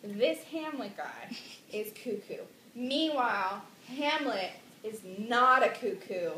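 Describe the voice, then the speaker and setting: A woman's voice: on the high side, animated, slow, bright, forceful tone, roomy sound, a little hiss or hum. A woman telling a classic story in a rambling, giggly way, with sudden dramatic outbursts. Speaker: drunk storyteller. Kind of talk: tipsy comic retelling of a classic play.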